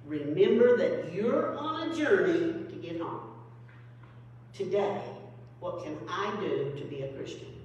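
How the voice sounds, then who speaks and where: A woman's voice: expressive, unhurried, a little mellow, muffled recording. Female pastor, folksy storytelling sermon; recorded far off in a roomy church hall with a faint hum. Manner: storytelling, acts out phone calls and quotes in a high voice. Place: church sanctuary.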